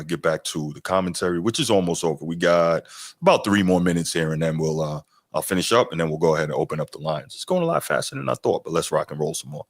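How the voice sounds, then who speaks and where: Man, podcast host, very low voice, casual reaction commentary, dry sound. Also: no room sound. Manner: casual, conversational, reads chat comments aloud.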